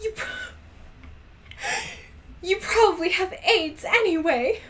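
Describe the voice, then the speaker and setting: A woman voicing a hot-tempered goth teenage girl heroine who shouts shrilly. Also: very high-pitched, huge pitch swings, slow pace, voice pushed up, full character voice. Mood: furious.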